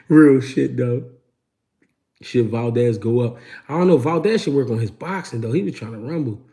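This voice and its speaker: A man's voice: mid-range voice, vocal fry, mellow. Slangy, laid-back male livestream host. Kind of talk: livestream chat.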